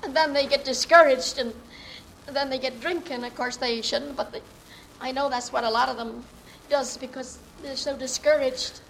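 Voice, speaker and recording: A woman's voice: high-pitched, fairly even intonation, moderate pace, creaky, a little hiss or hum, rough recording. A woman acting an earnest young working-class woman who politely pleads her case to a judge in a dramatic monologue. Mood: pleading.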